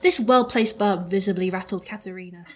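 A woman's voice: mid-range voice, a little fast. A woman host narrating a comic parody story aloud, amused and often breaking into laughter.

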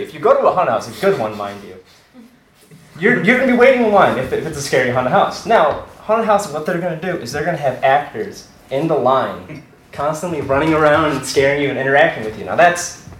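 A teenage man telling a personal story about working at a haunted house, animated and breaking into laughter as he goes. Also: on the high side, fairly quick, echoey room, poor audio. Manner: animated, laughs through his own story. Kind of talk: personal anecdote told to an audience.

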